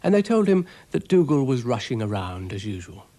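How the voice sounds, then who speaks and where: Dry british guy narrating a kids cartoon, slow n husky, lively pitch. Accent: British English. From England. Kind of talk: children's storybook narration.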